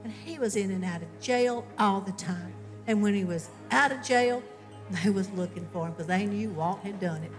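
A woman's voice: medium pitch, moderate pace, natural voice. A woman playing a motherly, folksy diner woman in a church stage drama, doting on everyone. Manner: folksy, doting, calls people honey and darling. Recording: reverberant hall with faint music.

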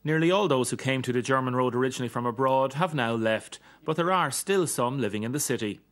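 A man narrating a news report in a measured, steady way. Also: medium pitch.

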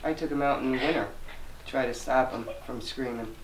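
A woman's voice: a bass voice, fairly quick. A middle-aged woman chatting casually in a matter-of-fact way, giving advice. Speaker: family member giving advice. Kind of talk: casual chat. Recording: distant mic, noisy room.

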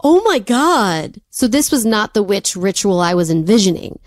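A woman co-hosting a podcast in a casual chat, playful and teasing and quick to laugh. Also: mid-range voice, very animated, no room sound, studio quality. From United States. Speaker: podcast co-host.

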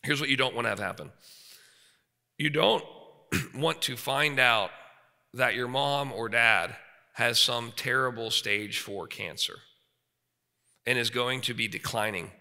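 A man's voice: mid-range voice, a little slow, pauses often, bright, forceful tone. A man in his forties preaching an emphatic sermon, often checking in with his listeners. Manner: emphatic, frequent rhetorical checks with the audience. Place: seminary chapel. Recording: reverberant hall.

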